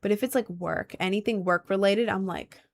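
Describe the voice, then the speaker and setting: A young adult woman livestreaming, chatting casually and reading out viewer comments in a rambling way, going loud then mumbling. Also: mid-range voice, moderate pace. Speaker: livestreamer and musician.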